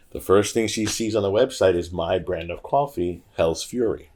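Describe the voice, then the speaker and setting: Lively man telling a long story. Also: sits low, normal speed. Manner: animated, acts out quoted voices. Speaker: podcast guest. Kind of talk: casual storytelling.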